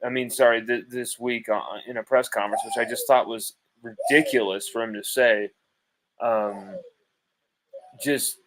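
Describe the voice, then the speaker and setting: A male sports host on a live postgame stream, talking from home. His pitch is mid-range for a man. He argues heatedly, swears freely and repeats his points to drive them home. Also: steady tone, measured pace, background noise.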